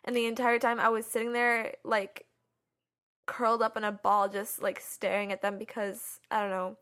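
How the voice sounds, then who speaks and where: A woman shares her feelings about a film in a hesitant, meandering way. She fills her sentences with ums and likes. The conversation is relaxed and informal. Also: on the high side, normal speed, clean tone. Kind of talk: casual film discussion.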